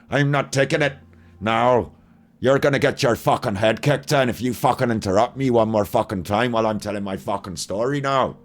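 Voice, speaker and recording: A man putting on the voice of a furious older male actor who shouts threats and swears heavily. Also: medium pitch, close to an everyday voice.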